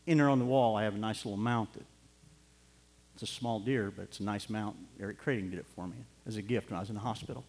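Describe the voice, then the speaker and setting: A man's voice: lowish voice, fast talker, darkish tone. A middle-aged man preaching a sermon, telling a personal story in an earnest way and building to fervent urging. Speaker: pastor. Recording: long hall reverb.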